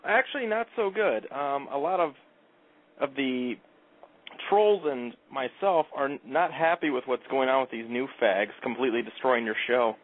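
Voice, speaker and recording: Blunt male radio caller, mid-pitched, reading a list flatly over a tinny phone line. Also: moderate pace. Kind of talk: call-in radio conversation.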